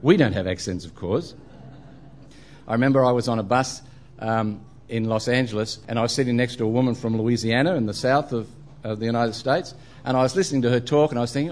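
Australian male preacher, middle-aged, mid-pitched, loose anecdotal sermon delivery. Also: fast talker. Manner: humorous storytelling, frequent ums and uhs.

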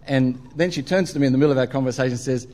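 Australian male preacher, middle-aged, mid-pitched, loose anecdotal sermon delivery. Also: rapid-fire, mellow. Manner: humorous storytelling, frequent ums and uhs.

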